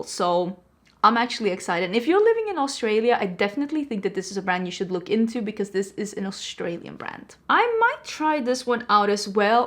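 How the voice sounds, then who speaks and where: A woman vlogger chatting casually about products, rambling with frank opinions, her voice a little stuffy from allergies. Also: medium pitch. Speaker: beauty vlogger. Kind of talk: casual product review chat. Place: indoors at home.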